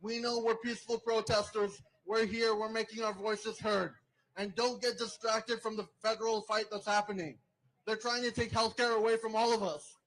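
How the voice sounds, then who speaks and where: A man's voice: high-pitched, level tone, normal speed, a bit bright, low-quality recording. A man emceeing an outdoor protest rally, giving a rousing speech and introducing speakers. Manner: rousing, chants with the crowd.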